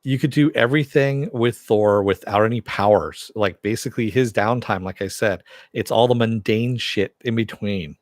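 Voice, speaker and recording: Rambling low-voiced man hosting a live chat. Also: moderate pace, few pauses, dry recording, studio quality. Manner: rambling, self-deprecating, chuckles often. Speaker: live stream host. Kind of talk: casual live-stream chat reading comments.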